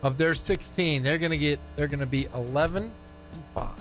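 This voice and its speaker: A man's voice: a little high, normal speed, soft background music. A man co-hosting a sports radio show, making confident, emphatic predictions in casual chat. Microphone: studio microphone.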